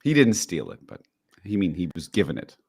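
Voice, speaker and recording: A man's voice: low-pitched, huge pitch swings, brisk, creaky, darkish tone, husky. A man co-hosting a podcast in casual chat, rambling with restarts and asides. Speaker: podcast co-host.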